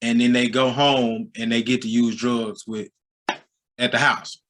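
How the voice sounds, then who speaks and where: A man in his forties, a high school basketball coach with a Southern American accent, telling stories in a casual interview and getting loud and animated as he goes. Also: a little slow. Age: 40s. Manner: storytelling, gets loud and animated when excited.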